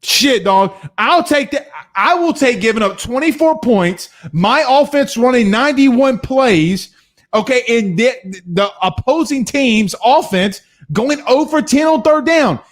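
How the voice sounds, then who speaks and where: A man's voice: extremely high pitch, lively intonation, measured pace. A man hosting a casual post-game sports talk show, reading viewer comments and ranting in a blunt, profane way. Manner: blunt, heated, profane, laughs often.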